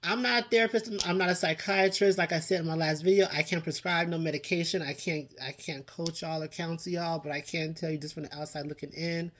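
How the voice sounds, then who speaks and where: A man's voice: fairly high pitch, fairly even intonation, a little fast, hardly any pauses, a bit bright, a little hiss or hum. A man giving a chatty TV review in a casual vlog, with dramatic reactions and frequent laughs. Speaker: TV show reviewer.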